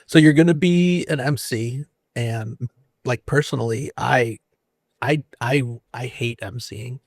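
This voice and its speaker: A man hosts a relaxed podcast interview, laughing easily and stumbling into quick restarts. His voice sits at a middle pitch and sounds dry and close to the mic. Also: no room sound. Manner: playful, laughs often, halting restarts. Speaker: podcast host. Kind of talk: casual interview chat.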